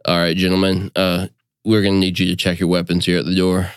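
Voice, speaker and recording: A husky, weary guard at a fantasy door in a tabletop game, played by a man with a low, smooth voice. He speaks bluntly and grudgingly, like someone who wants his shift over. The sound is dry and close. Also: completely flat delivery, fairly quick, no room sound.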